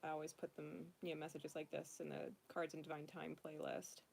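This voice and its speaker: A woman hosting a casual livestream card reading, chatting and laughing often before softly calling in her angels. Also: low-pitched, flat delivery, fairly quick, gravelly, a little hiss or hum. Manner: chatty, laughs often, soft prayerful invocations. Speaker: spiritual card reader.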